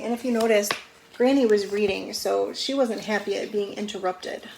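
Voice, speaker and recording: A woman teacher reading a picture book aloud to children, gently explaining words as she goes. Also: mid-range voice, steady tone, normal speed, creaky, slight background noise, low-quality recording.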